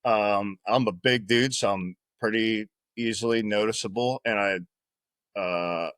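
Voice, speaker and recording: A former Marine appears as a guest on a podcast, telling stories in a casual, profane, rambling way and often ending his lines with "right?" His voice is lowish and fairly bright, a little slow, and recorded with no room sound.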